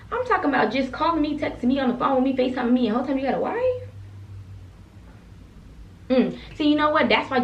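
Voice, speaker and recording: A young woman in her twenties, a soldier, telling a casual story time with animated, expressive and profane delivery. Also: mid-range voice, slight background noise. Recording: echoey, distant, dull room recording.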